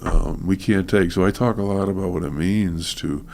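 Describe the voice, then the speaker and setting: A man speaking as a guest minister in an interview, earnest and halting, with many fillers. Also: low voice, steady tone, creaky, a little mellow. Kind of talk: conversational interview.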